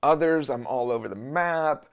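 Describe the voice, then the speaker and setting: A man's voice: medium pitch, normal speed, gravelly. A man from Southern Virginia hosting a podcast, rambling casually in a laid-back, profane monologue. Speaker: podcast host.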